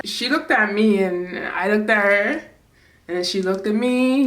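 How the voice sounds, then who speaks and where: A woman's voice: medium pitch, slow, pushed and bright, reverberant. A woman, telling a personal story in a storytime vlog and acting out her own past words with growing emotion. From Canada. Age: 20s. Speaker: vlogger.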